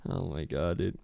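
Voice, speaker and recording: A man's voice: low-pitched, gravelly, dry recording, studio quality. A man hosting a live political call-in stream, ranting bluntly and mockingly. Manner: mocking, blunt, says bro a lot. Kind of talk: casual streaming rant.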